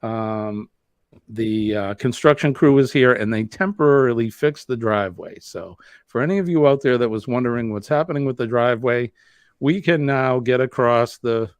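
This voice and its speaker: A man's voice: medium pitch, moderate pace, clear, resonant tone, dry recording. A man from New England with a Boston accent, hosting a live stream, chatting in a rambling way and answering viewer comments. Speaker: host.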